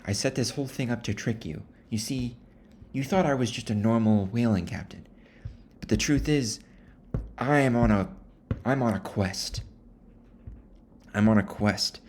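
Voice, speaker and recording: A man playing a booming, scheming one-legged sea captain who is hunting a whale, in a comic retelling. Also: measured pace, long pauses, darkish tone, slight background noise, lightly acted. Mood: bombastic. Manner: bombastic, scheming.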